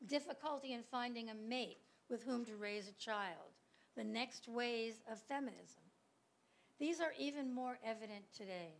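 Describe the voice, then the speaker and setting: A woman historian delivering an academic lecture, a little hoarse as her voice gives out. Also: a little high. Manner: measured, reads from prepared text. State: losing her voice.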